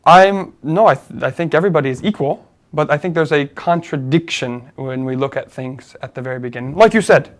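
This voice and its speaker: A man's voice: fairly high pitch, brisk, hardly any pauses. A man co-hosting a discussion, explaining his reasoning step by step with frequent fillers and restarts. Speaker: co-host. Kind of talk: conversational discussion.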